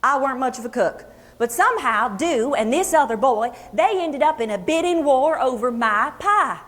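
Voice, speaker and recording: A woman's voice: high-pitched, lively intonation, moderate pace, a bit bright. An actress playing a homespun, plainspoken Kentucky country singer, telling her story in a folksy, chatty first-person monologue with an Appalachian accent. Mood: reminiscing. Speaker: actress in a historical portrayal. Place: luncheon hall before an audience. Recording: echoey hall with long reverb.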